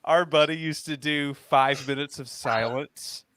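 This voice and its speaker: A man's voice: a little high, unhurried, clear, resonant tone, dry recording. A man hosting a podcast, chatting casually with friends and telling stories with jokes. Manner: joking, animated storyteller. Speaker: podcast host. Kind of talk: casual chat among friends.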